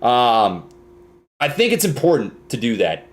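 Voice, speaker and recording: A man's voice: medium pitch, big pitch swings, measured pace. A young man from Minnesota hosting a casual live stream, reading viewer comments and often ending lines with "right?" and "man".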